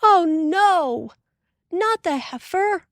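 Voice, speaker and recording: A woman reading an audiobook voices Mary, a gentle older sister whose cries are soft and mournful. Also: medium pitch, lively intonation, measured pace, no room sound, studio quality, close to an everyday voice.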